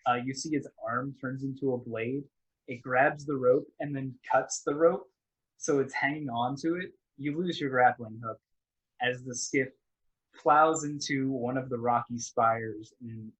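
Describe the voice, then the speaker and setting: A man's voice: medium pitch, fairly even intonation, a little slow, fairly bright tone, breathy edge, poor audio. A man narrating a tabletop game as game master, in a loose, casual way with lots of restarts.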